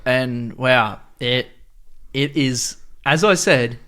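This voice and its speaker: A man's voice: medium pitch, takes it slowly, pushed and bright, clear, resonant tone. A man co-hosting a casual podcast, laid-back and teasing. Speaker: podcast co-host. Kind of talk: casual chat.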